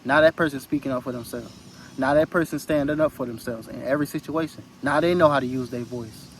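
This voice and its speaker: A man's voice: mid-range voice, fast, a little hiss or hum, rough recording. A man giving an earnest, rambling motivational talk into his phone outdoors, repeating phrases for emphasis. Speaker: spiritual vlogger.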